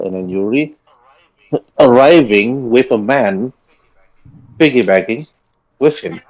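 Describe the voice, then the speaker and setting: A man narrating a tabletop game as game master, slow and deliberate. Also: medium pitch, low-quality recording.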